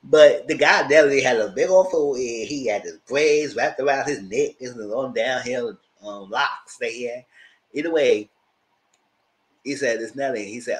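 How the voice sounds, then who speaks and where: A man giving a casual, animated recap of a reality show, acting out quotes in a squealing high voice and breaking into loud laughs. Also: normal speed, poor audio. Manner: loud laughs and shouted asides. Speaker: TV show reviewer.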